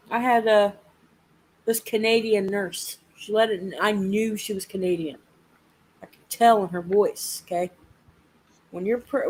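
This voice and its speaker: A woman's voice: medium pitch, low-quality recording. A young woman telling a story in casual chat, swearing freely and laughing often. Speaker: live chat host.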